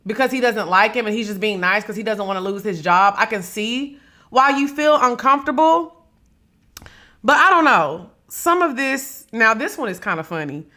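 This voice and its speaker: Sassy bright-voiced woman podcast host. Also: on the high side. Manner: sassy, blunt, swears freely, dramatic. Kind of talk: casual gossip commentary.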